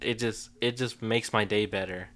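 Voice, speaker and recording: A man's voice: fairly low pitch, fairly even intonation, moderate pace, a bit bright. A young man co-hosting a podcast, telling stories in easygoing casual chat. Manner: easygoing storyteller, laughs often. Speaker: podcast co-host.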